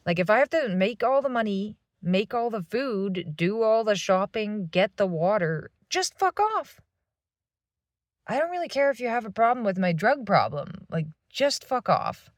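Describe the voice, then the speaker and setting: A woman's voice: mid-range voice, animated, normal speed, few pauses, no room sound. A woman in her thirties venting in a rambling, swearing monologue from a parked van. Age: 30s. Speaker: vlogger.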